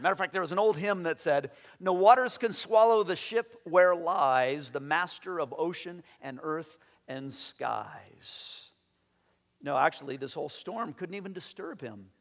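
A man preaching a sermon as pastor, animated, acting out quoted voices and often repeating his words. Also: high-pitched, in a large hall.

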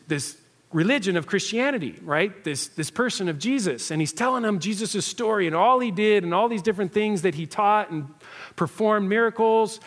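A man preaching a sermon in a lively, conversational way, often checking in with the listeners with "right?". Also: sits high, in a large hall. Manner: animated, conversational, frequent "right?" asides. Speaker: pastor.

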